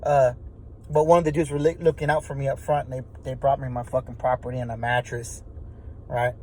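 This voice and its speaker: A man's voice: mid-range voice, flat delivery, a little fast, darkish tone, low-quality recording. A man telling a story casually, profane and rambling with many restarts. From Texas.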